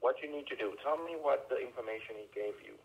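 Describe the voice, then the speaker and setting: A man's voice: mid-range voice, quick pace, breathy edge. A man on a phone call, pushy and insistent, repeating his instructions. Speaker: phone scammer. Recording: tinny phone line.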